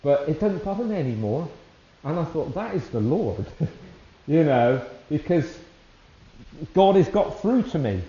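A man giving an informal devotional talk, rambling and warm-hearted, often chuckling between thoughts. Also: on the high side, lively intonation, moderate pace. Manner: rambling, warm-hearted, with frequent fillers and restarts; chuckles often while speaking. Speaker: lay preacher. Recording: dull, roomy sound.

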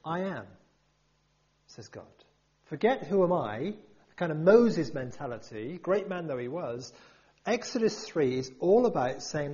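A man's voice: on the high side, very animated, a little slow, mellow, lo-fi sound. A man preaching a sermon to a congregation, emphatic and full of rhetorical questions.

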